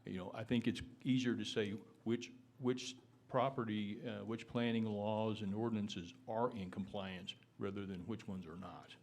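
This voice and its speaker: A man with a Texan accent speaks in a lowish voice as he testifies before a town board. He stumbles and repeats words, then reads out ordinances in formal legal terms. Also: fairly even intonation, moderate pace, hardly any pauses, a little mellow. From Texas. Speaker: public commenter. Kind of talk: public testimony at a town meeting.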